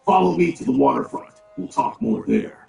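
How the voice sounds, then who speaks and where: A man's voice: medium pitch, very animated, normal speed, darkish tone. An actor playing a big, blunt male orc who grumbles and talks with dry sarcasm. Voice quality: gravelly. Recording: roomy, distant, game music behind.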